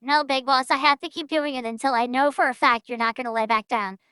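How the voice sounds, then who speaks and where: A woman's voice: high voice, fairly even intonation, fast talker, pushed and bright, smooth, dry recording. A woman streamer chatting casually and self-mockingly while playing a game, with joking asides.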